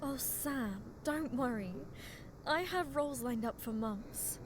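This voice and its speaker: A woman voicing a sweet young wife who is an actress, speaking softly and gently to reassure her husband in a game. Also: high voice, expressive, slow, background noise. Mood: consoling. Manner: soft, gentle and consoling. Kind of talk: game voice acting.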